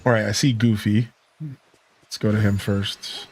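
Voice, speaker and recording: A man's voice: on the low side, flat delivery, measured pace, a little hiss or hum. A man casually chatting while live-streaming a video game, reading chat and laughing easily. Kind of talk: casual live gameplay commentary.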